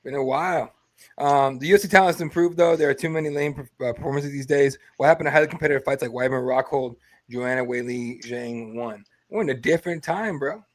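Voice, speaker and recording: A man's voice: mid-range voice, a little fast. A man co-hosting a sports podcast, laughing and telling stories with casual swearing. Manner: laughing, storytelling, profane. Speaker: podcast co-host.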